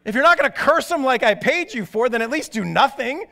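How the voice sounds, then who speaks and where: A man voicing an exasperated ancient king who complains loudly and fast. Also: very high-pitched, expressive, creaky, pitched above the performer's own voice, full character voice. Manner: loud, complaining. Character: exasperated ancient king, fed-up male ruler.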